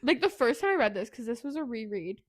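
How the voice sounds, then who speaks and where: A woman's voice: a little high, big pitch swings. Emotional young woman recapping a book. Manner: emotional, swearing, near tears, rapid retelling. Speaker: podcast co-host. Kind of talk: casual book review chat.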